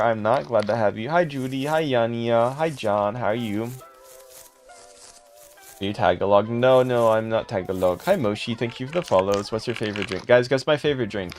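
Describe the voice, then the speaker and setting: A man hosting a casual live stream, thanking and greeting viewers by name in quick upbeat bursts. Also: faint music behind. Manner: upbeat, jumps into high excited calls when thanking donors. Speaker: livestream host.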